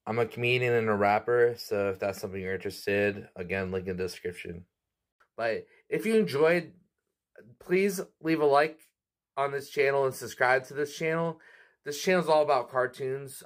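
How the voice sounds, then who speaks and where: A man hosting a cartoon review channel, talking in a chatty, casual way with frequent laughs. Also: mid-range voice. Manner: chatty, laughs often, quick asides.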